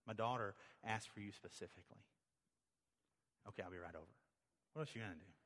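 A man's voice: fairly low pitch, fast talker, a bit bright. A middle-aged man preaching a sermon as pastor, talking conversationally and telling stories, then rising to emphatic peaks. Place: church sanctuary. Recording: long hall reverb.

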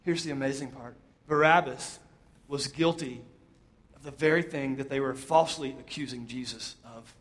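A man preaching a sermon, retelling a scripture story with dramatic pauses and quoted lines. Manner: storytelling, voices quotes with rising pitch, drops soft for emphasis.

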